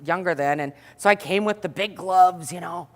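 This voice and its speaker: A middle-aged woman telling a story to an audience in an animated way, acting out the scenes. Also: lowish voice, normal speed, big-room sound. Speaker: speaker.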